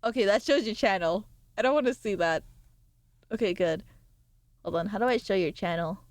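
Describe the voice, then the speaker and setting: A woman's voice: mid-range voice, moderate pace, no echo. A young adult woman streamer in casual live-stream chat, bantering with viewers, reading their messages aloud, laughing often and swearing freely.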